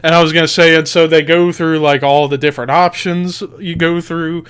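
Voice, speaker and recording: A man's voice: a little high, moderate pace, smooth. A man co-hosting a casual podcast, retelling a commercial with lots of energy and acting out the people in it. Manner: animated storyteller, acts out quoted lines in loud voices. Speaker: podcast co-host.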